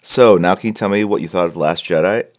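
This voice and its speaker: A man's voice: deep voice, fast. A man hosting a live art critique stream, chatting casually and rambling with jokes, fillers and restarts while wearing headphones. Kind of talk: casual livestream chat. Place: room at home with piles of comic books.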